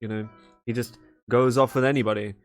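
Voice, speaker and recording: A man's voice: mid-range voice, fairly even intonation, brisk, soft background music, close to an everyday voice. Brief: a rambling, sighing male adventurer, voiced by a man in a tabletop game. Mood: exasperated. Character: gossiping, exasperated male adventurer.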